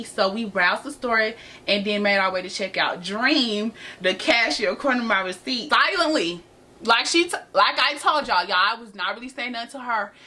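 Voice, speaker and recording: A woman's voice: on the high side, sharp tone. An eighteen-year-old woman telling a sassy storytime vlog to her viewers, talking to them as y'all. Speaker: vlogger.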